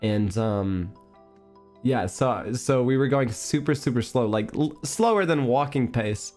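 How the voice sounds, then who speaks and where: Man, young adult, slightly hoarse, chatty and animated storytelling, faint background music. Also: medium pitch, unhurried. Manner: rambling, animated storytelling with laughs. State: hoarse, recovering voice. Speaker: streamer. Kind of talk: casual chat.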